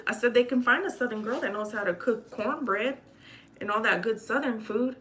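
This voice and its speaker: A woman's voice: on the high side, fairly quick, a bit bright, slight background noise. Chatty mother vlogging while cooking. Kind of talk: casual cooking vlog chat. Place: home kitchen.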